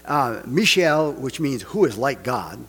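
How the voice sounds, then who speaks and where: A man with a husky voice preaches a casual sermon, tossing out rhetorical questions and wry joking asides. His voice carries through the long, lingering reverb of a large church hall. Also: medium pitch, sing-song, measured pace, a bit bright. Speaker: pastor.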